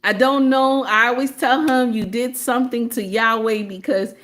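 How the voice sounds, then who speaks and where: With a slightly high, fairly bright voice, a steady tone and normal speed, a woman in her forties with a Southern US accent talks casually on her livestream. She's preachy and sassy, addressing viewers directly with "baby" and "okay?".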